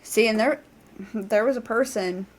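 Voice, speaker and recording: A woman's voice: on the high side, measured pace, slight background noise. A woman co-hosting a podcast, chatting casually and agreeing with her friend's story. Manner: relaxed, agreeing backchannels. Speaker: podcast co-host. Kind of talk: casual chat.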